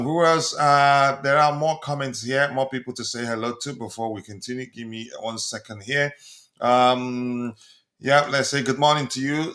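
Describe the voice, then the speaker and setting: A man hosting a football fan live stream in casual, loud, upbeat chat, slightly hoarse from a cold and full of fillers. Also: medium pitch.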